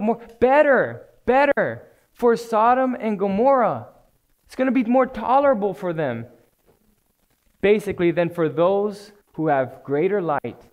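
A man preaching a sermon in an earnest way, repeating phrases and putting pointed questions to the congregation. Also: sits high.

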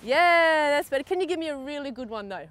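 A woman's voice: high voice, lively intonation, brisk, fairly bright tone, a little hiss or hum. An Australian woman coaching golf fitness outdoors on a golf course, encouraging and instructive. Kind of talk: demonstrating exercises.

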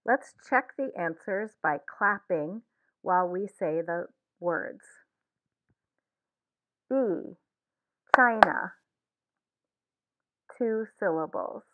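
A woman teaching a language lesson in a slow, deliberate scripted way, saying each word twice. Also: fairly low pitch, lively intonation, fairly bright tone. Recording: tinny phone-like sound.

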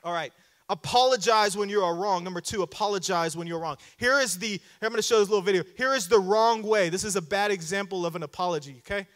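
A man's voice: sits high, fast talker, a bit bright. A male pastor preaching a sermon in a conversational way, acting out quoted apologies and calling for amens. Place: church sanctuary. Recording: church hall reverb with faint music.

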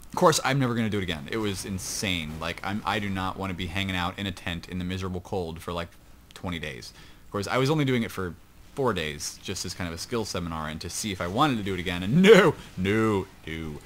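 Male shoutcaster, lowish voice, chatty rambling delivery with jokey asides, faint hum behind. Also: expressive, fast. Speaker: esports shoutcaster. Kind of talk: casual play-by-play game commentary.

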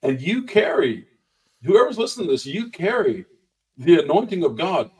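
A man speaking as a guest minister, telling lively testimony stories and acting out the voices of the people in them. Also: fairly high pitch, moderate pace, recorded from a distance, rough recording. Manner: animated storyteller who acts out the voices in his anecdotes. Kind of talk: conversational testimony storytelling.

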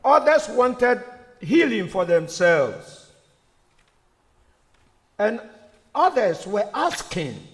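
The recording carries the long reverb of a church hall, where a male preacher gives a slow, repetitive sermon. His voice is high and very animated, and he leans on rhetorical questions.

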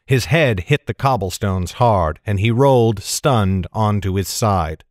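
A man narrating a fantasy novel in a steady, measured storytelling manner. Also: on the low side, no echo, clean studio sound. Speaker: audiobook narrator.

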